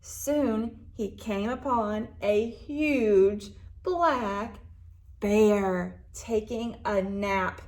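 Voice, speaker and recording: A librarian reading a picture book aloud to children, animated, gasping and asking them questions. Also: female voice, medium pitch, extremely slow.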